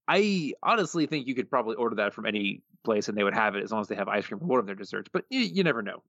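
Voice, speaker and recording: Quick, bright-voiced male podcast host. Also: lowish voice, animated, dry recording, muffled recording. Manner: quick, chuckling delivery. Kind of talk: casual podcast chat, reading listener answers.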